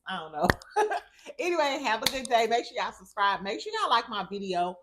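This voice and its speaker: Young woman vlog host, sassy gossip commentary, salty language, quick to laugh. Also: a little high, big pitch swings, noisy background. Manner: sassy, profane, laughs often.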